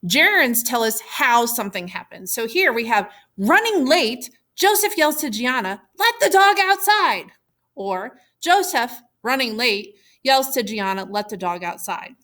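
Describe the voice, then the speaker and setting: A woman teacher giving a recorded lesson, explaining clearly and patiently. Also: on the high side, animated, measured pace, few pauses, bright, forceful tone.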